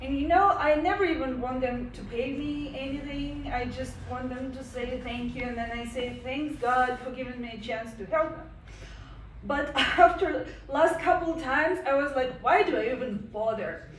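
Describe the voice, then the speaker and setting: High-voiced woman telling a story on stage. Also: moderate pace, a little hiss or hum. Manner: animated, laughing as she tells it. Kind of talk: live personal storytelling. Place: stage before an audience. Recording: roomy hall, mic from a distance.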